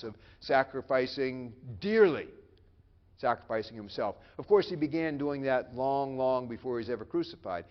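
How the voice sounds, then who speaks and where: A male pastor delivering a sermon in an earnest, emphatic way, leaning on long dramatic pauses. His voice sits at an ordinary middle pitch. The recording sounds somewhat dull and lo-fi.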